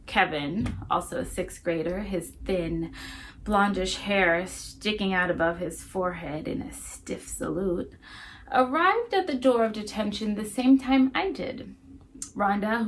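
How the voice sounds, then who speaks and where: A woman actor giving a dramatic storytelling performance, reading in a measured, expressive way that moves between soft, hushed passages and a full voice. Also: mid-range voice, a little hiss or hum.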